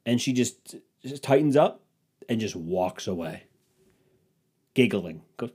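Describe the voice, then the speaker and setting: A man's voice: fairly low pitch, lively intonation, fairly quick, darkish tone, breathy edge. A young man hosting a solo podcast, telling comedic stories in a rambling, crude, self-mocking way. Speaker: podcast host.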